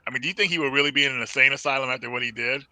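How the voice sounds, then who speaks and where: Male guest, mid pitch, very bright tone, easygoing review chat, dry mic. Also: very fast, no echo, rough recording. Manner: relaxed, describes scenes plainly, quiet back-channel replies. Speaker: guest co-host. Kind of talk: casual movie review chat.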